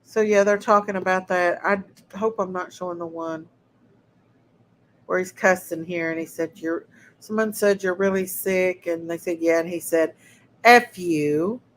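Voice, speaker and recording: A woman hosting a casual livestream, speaking slowly and deliberately in a somewhat low voice. She talks straight to her chat viewers and sounds indignant and outraged. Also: slight background noise, poor audio. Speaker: livestream host.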